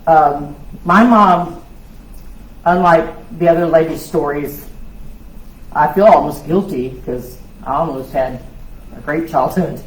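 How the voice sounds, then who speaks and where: A woman, giving a loud, lively personal testimony at a women's conference. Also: deep voice, slow pace, long pauses. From South Louisiana. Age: 60s. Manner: loud, lively storytelling with laughs and acted-out voices. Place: church hall. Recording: echoey hall with faint noise.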